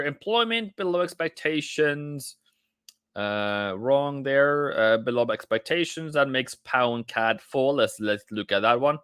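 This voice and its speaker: A man hosting a live trading stream, commenting on market moves in a playful, jokey way and breaking into excited chanting. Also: medium pitch, clean tone, no echo, clean studio sound.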